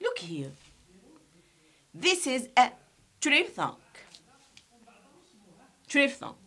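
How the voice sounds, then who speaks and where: Woman teacher drilling vowel sounds, bright voice, goes up and down a lot. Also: a little high. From Algeria. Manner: slow and deliberate, repeats sounds for students, switches to Arabic to explain. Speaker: English teacher. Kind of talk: classroom pronunciation lesson.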